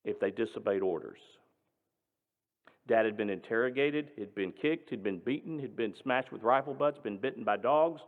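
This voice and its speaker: A male pastor tells a story in a sermon, speaking dramatically and emphatically, with his voice moving between loud and hushed. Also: mid-range voice. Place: synagogue sanctuary. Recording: tinny, echoing hall.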